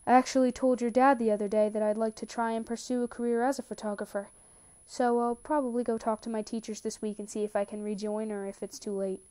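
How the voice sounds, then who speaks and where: A woman reads the part of a sincere, soft-spoken young man in a story read aloud. The voice sits fairly high and sounds mellow and gentle. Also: fairly even intonation, fast talker, close to an everyday voice. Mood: earnest. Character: young man, tender and determined.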